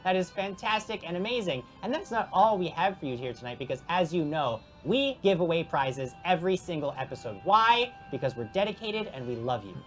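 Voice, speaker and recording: A woman's voice: on the low side, expressive, fairly quick, hardly any pauses, music in the background. Giggly woman hosting a tabletop stream. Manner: playful, giggly, promo-style announcing. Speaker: host and game master. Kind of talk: live-streamed tabletop game.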